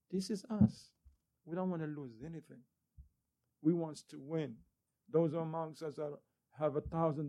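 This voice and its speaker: Man preaching with a dark, mellow voice. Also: a little high. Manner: animated storytelling with rising emphasis. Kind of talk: sermon.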